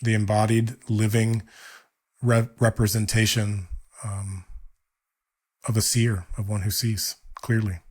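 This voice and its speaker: Low-voiced male podcast host, earnest. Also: level tone, slow, long pauses, husky. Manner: earnest, warm praise with playful hype at the close. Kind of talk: casual interview conversation.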